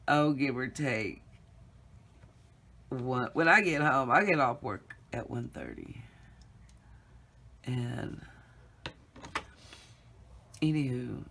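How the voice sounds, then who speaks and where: A woman's voice: extremely low pitch, vocal fry, fairly bright tone. A middle-aged woman casually telling a rambling story to her viewers, laughing often and calling them y'all. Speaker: craft vlogger.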